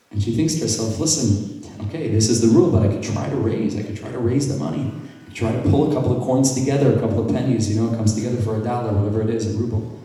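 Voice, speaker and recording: A male rabbi telling a story at a gathering, acting out the dialogue and sometimes dropping to a hushed voice. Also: on the low side. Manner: acts out quoted dialogue, drops to hushed tones. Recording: echoey hall from far off.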